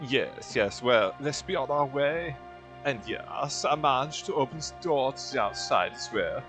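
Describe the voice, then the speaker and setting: A man's voice: medium pitch, expressive, measured pace, over music. A man voicing a kindly, self-important older male inventor with a put-on German accent, formal and stiff. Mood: earnest.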